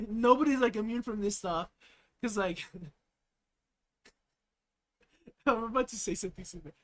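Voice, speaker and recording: A man's voice: sits high, slow pace, pauses often. A young American man chatting on a live stream, giggling often and rambling with plenty of fillers. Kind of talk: casual live-stream reaction chat.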